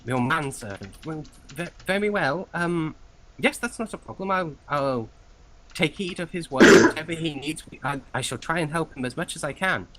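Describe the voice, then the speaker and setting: A man's voice: on the high side, animated, moderate pace, background noise, pitched above the performer's own voice, natural voice. A man voicing a nervous, overly polite male information clerk who stammers and apologizes. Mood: flustered.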